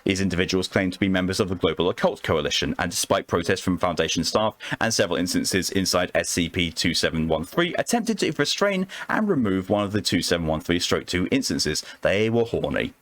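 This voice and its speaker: A man's voice: low-pitched, animated, brisk, hardly any pauses, a bit bright, no echo. A man streaming live, reading stories aloud and chatting casually between them, with offhand swearing.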